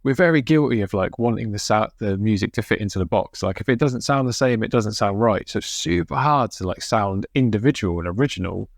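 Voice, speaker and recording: English podcast host, lowish voice, loose and rambling. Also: male voice, brisk, gravelly, hardly any pauses, dry recording, clean studio sound. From England. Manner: rambling, swears casually. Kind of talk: casual chat.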